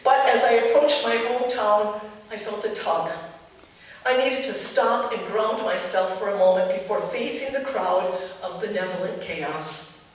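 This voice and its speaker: A middle-aged woman from Minnesota telling a personal story to a live audience, measured and reflective, in short paced phrases. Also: medium pitch, heavy reverb, far from the mic, low-quality recording.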